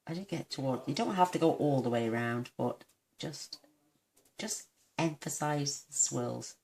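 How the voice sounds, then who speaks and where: Soft-spoken woman with a gravelly voice. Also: very deep voice, measured pace. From United Kingdom. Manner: soft-spoken, mumbles to herself, gushing. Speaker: card-making demonstrator. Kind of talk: crafting tutorial.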